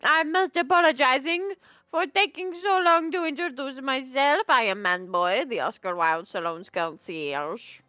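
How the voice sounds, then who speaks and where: A courteous male concierge from a game speaks in a lowered, careful tone, as a woman puts him on. His delivery is formal and a little halting. The sound is close and dry. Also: bright, forceful tone, no echo. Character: polite adult male saloon concierge.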